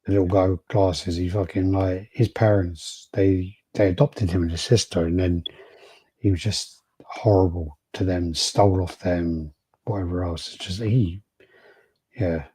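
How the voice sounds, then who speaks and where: A man co-hosting a podcast in halting, sweary casual chat. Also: deep voice, steady tone, dark tone, husky, dry recording. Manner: rambling, halting, swears, laughs often. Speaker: podcast co-host.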